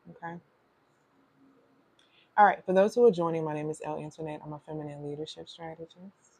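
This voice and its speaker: A woman's voice: low voice, a little fast, a little mellow, breathy edge. A woman hosting a casual livestream as a leadership coach, chatty and welcoming, greeting viewers over and over as they join. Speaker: feminine leadership strategist, livestream host.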